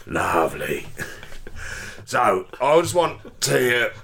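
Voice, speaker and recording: A man's voice: medium pitch, very animated, a little slow, vocal fry, pushed and bright. A man hosting a comedy show, leading crude improv games with playful, bawdy banter. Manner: crude, playful, putting on mock Cockney lines. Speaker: podcast host.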